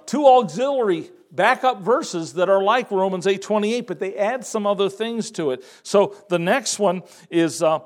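A man with a fairly high voice delivers a sermon. He reads scripture slowly, leaning on key words. Between readings he talks in a relaxed, casual way. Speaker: preacher.

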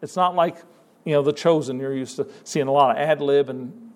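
A man's voice: fairly high pitch, steady tone, moderate pace. A man preaching a sermon in a conversational way, with sudden emphatic rises.

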